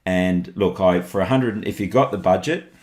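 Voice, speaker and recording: A man with a very low voice talks through microphones in a relaxed, chatty way. He thinks aloud as he goes, like a blogger walking viewers through his kit. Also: normal speed. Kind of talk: casual product walkthrough.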